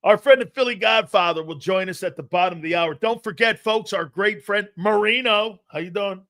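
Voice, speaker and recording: A middle-aged man hosting a sports talk show, telling stories in a chatty, rambling way, laughing at himself and jumping between low mutters and loud exclamations. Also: normal speed. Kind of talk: casual storytelling talk.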